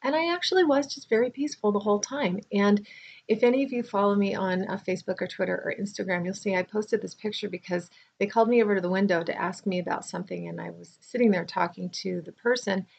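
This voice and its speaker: A woman's voice: mid-range voice, fast talker, creaky, darkish tone, breathy edge. A tired middle-aged woman chatting casually to camera, telling a rambling personal story with restarts and asides. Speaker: vlogger.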